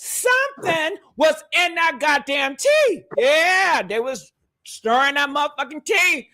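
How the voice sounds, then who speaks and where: A woman giving livestream commentary, loud and exclamatory with frequent whoops, calling her listeners honey and baby. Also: high-pitched, expressive, slow pace. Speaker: streamer and commentator.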